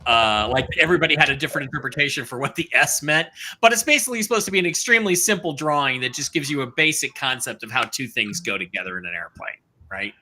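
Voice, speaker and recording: Bright-voiced older man, rambling. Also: medium pitch, expressive. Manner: rambling, halting restarts. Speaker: host. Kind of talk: casual live show chat.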